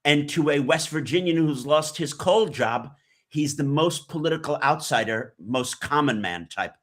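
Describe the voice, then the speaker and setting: A man's voice: on the high side, animated, moderate pace, a bit bright. A man who hosts a podcast, giving emphatic interview commentary full of rhetorical questions. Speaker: podcast host as guest.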